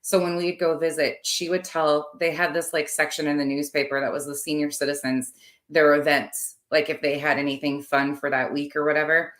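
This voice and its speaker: Low-voiced chatty woman streamer. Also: level tone, brisk. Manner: chatty, rambling, warm with viewers. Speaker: livestream host. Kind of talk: casual livestream chat.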